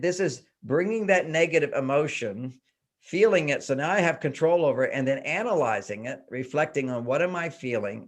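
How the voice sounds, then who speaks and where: An older man, a guest on a talk show, explaining in earnest tones. He asks himself question after question and acts out the inner voices as he goes. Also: mid-range voice. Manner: self-questioning with repeated rhetorical questions. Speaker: guest relationship expert.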